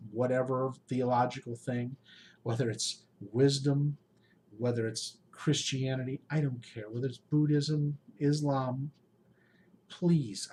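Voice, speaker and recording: Man, late forties, emotional vlog update, heartfelt, pleading, halting, faint background noise. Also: mid-range voice, a little mellow. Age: 40s. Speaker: YouTube game master channel host. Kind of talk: emotional personal update to followers.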